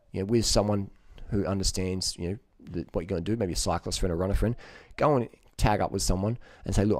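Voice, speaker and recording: Blunt, low-voiced man ranting. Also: darkish tone, dry recording. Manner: blunt, profane, joking, full of fillers like "you know". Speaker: vlogger giving diet advice. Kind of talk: casual rambling monologue.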